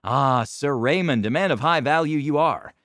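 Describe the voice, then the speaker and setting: A man's voice: fairly high pitch, normal speed, fairly bright tone, no room sound, studio quality, close to an everyday voice. A man voicing a pompous male noble ranger who boasts to his companion.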